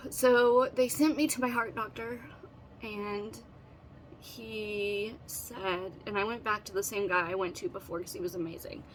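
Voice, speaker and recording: A woman's voice: medium pitch, steady tone, unhurried, slight background noise. A middle-aged woman telling her own story, earnest and emotional, holding back tears as she halts and restarts. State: tearful, holding back crying. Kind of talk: personal storytelling to camera.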